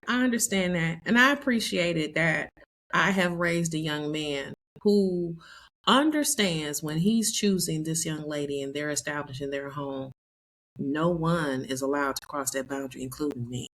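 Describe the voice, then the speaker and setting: A woman's voice: low-pitched, a bit bright. A woman, hosting a podcast and telling a candid, emotional personal story with quoted dialogue. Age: 50s. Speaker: podcast host.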